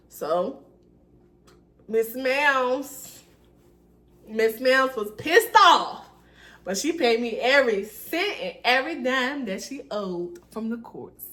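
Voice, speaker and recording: A young woman vlogger telling a storytime in a sassy, animated, colloquial way. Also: on the high side, slow pace, long pauses. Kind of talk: casual storytime.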